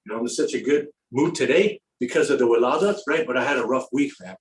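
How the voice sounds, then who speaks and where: A man giving a conversational religious lecture, often asking "right?" and telling stories with lively energy. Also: medium pitch, fast, a little hiss or hum. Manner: conversational, keeps asking "right?", retells a game excitedly. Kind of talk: animated religious lecture with storytelling. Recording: echoey hall, mic at a distance.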